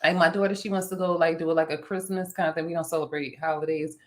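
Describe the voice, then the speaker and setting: A woman hosting a casual chat, animated and talkative, laughing often. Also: low-pitched, fast talker. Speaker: vlog host.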